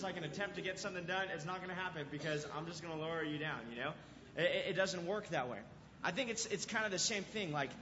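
A man's voice: sits high, noisy background. A young man giving a casual sermon to a youth group, telling stories and acting out scenes, with lots of "like" and "right?". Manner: animated storytelling, acts out scenes, fillers like "like" and "right?". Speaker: youth pastor. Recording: dull lo-fi sound in a reverberant hall.

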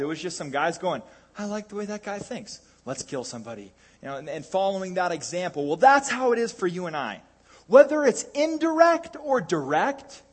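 A man's voice: fairly high pitch, husky. A man preaching a sermon in a conversational way, with jokey asides and frequent restarts.

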